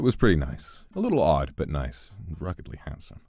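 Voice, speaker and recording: A male streamer with a very deep voice, talking through a game in an animated way, laughing and swearing as he goes. His pitch swings widely, and the sound is dry and close with faint music behind. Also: fast talker, few pauses, no echo. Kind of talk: casual gameplay commentary.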